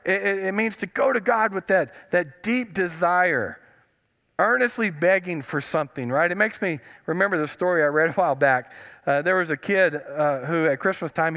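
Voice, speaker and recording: A pastor with a high, pushed, bright voice preaches in church, where the sanctuary's long reverb carries his sound. He tells humorous stories and stretches words out for emphasis.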